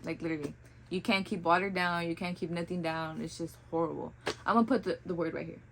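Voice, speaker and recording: A woman's voice: on the low side, fairly even intonation, quick pace, gravelly, a bit bright, a little hiss or hum, rough recording. A young woman telling her own birth story in a casual, blunt, profane way, slipping into Spanish phrases.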